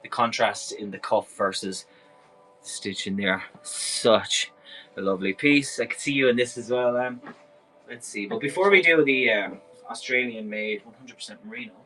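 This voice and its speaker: Bright-voiced Irish man selling clothes live. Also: fairly low pitch, normal speed, slight background noise, rough recording. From Ireland. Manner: chatty, enthusiastic, rambling. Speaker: live-stream clothing seller. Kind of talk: casual live sales patter.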